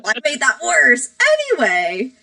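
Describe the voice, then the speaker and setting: A woman's voice: on the high side, lively intonation, measured pace, creaky, sharp tone, rough recording. A woman hosting a casual live stream from her bedroom, rambling, giggly and self-deprecating. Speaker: livestream host.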